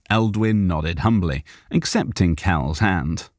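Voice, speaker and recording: A man's voice: low-pitched, animated, measured pace, hardly any pauses, dry recording. A man narrating an audiobook live on a studio microphone, reading aloud and stopping to correct himself.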